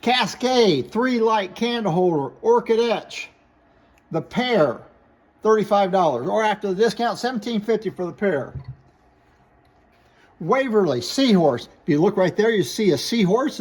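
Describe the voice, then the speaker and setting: A man with a high voice runs through glassware for sale, one piece at a time. He names each item, points out chips and repairs, and gives the price in a plain, matter-of-fact way. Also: darkish tone. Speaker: glass seller. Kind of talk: product showcase sales talk.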